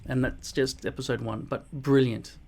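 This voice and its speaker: A man's voice: medium pitch, steady tone, moderate pace, creaky, darkish tone, a little hiss or hum. A man, casually reading and answering viewer comments in a blunt, mock-boastful way, swearing often. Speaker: vlogger replying to comments. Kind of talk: casual comment-reply monologue.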